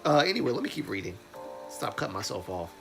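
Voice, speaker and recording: A young man with a cold, sniffling and congested, hosting a casual livestream and slowly reading news aloud with frequent restarts and self-corrections. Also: fairly low pitch, very animated, gravelly, fairly bright tone, soft background music. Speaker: livestream host.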